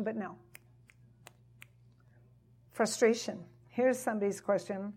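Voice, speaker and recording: A woman's voice: medium pitch, steady tone, takes it slowly, long pauses, husky. A woman teaching a sermon to a gathered audience, emphatic and repeating her key phrases. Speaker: Bible teacher.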